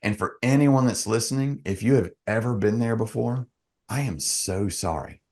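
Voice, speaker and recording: A man, a podcast guest, telling an emotional personal story in an earnest, halting way with frequent restarts. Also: lowish voice, a little mellow.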